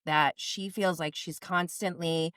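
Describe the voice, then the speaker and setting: A woman's voice: on the low side, steady tone, a little slow, fairly bright tone, clean tone, dry recording, studio quality. A woman guest on a podcast, chatting casually and retelling a reality TV episode with lots of "like". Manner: chatty storyteller, many likes. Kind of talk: casual chat recapping reality TV.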